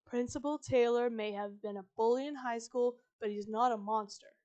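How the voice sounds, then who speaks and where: A woman's voice: on the high side, fairly even intonation, moderate pace, dark tone, muffled recording, lightly acted. A woman doing a blunt, firm teenage boy. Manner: firm, lecturing.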